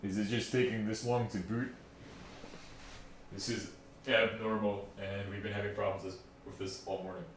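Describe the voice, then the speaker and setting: A young man with a fairly low voice chats loosely on a live stream, trailing off, swearing and joking to himself as he types. The room around him is echoey, with a faint hiss of noise underneath. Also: level tone, moderate pace. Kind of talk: casual live-stream chatter while working.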